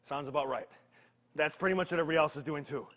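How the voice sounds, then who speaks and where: A man leading a live workout, energetic and joking, counting down reps while he strains through the exercises himself. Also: a little high, racing. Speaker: fitness trainer.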